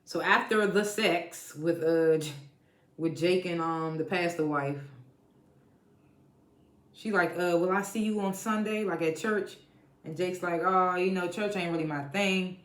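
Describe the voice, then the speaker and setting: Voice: medium pitch, measured pace, a bit bright. A TV show reviewer giving a casual episode recap, blunt and profane, laughing often while retelling scenes. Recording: echoey room.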